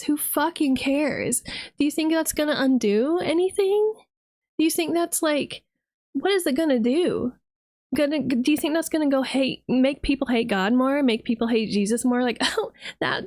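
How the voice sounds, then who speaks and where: A woman's voice: high voice, dry recording. A woman from the United States who streams as a vtuber, delivering a heated, profane and sarcastic reaction rant.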